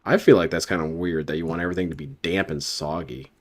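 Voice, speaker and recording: A man's voice: low-pitched, steady tone, fast. A male host reacting to a stream clip, teasing and sarcastic as he talks over it. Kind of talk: mocking commentary over a clip.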